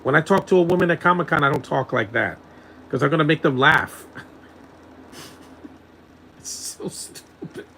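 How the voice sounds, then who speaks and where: A man's voice: a little high, expressive, fast, pushed and bright, slight background noise, poor audio. A man giving casual live commentary over a film, mocking it and chuckling often.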